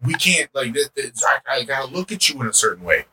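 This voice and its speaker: A man co-hosting a casual podcast, telling stories in an animated, rambling way full of fillers. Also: medium pitch, fast talker. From United States. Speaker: podcast co-host. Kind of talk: casual chat. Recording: distant mic, faint background noise.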